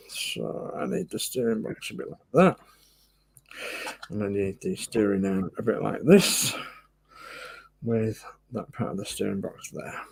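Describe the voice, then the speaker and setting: Gravelly slow-talking man building a model. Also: lowish voice, a little mellow. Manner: chatty, muttering to himself as he works. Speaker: host of a model-building livestream. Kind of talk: casual chat while building.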